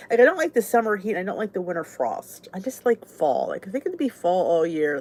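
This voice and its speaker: A woman's voice: on the low side, expressive, a little fast, hardly any pauses, a little mellow. A woman from southern New Jersey with a South Jersey accent, chatting casually and rambling on a live stream as host of her weight-loss channel. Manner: chatty, rambling, greets viewers.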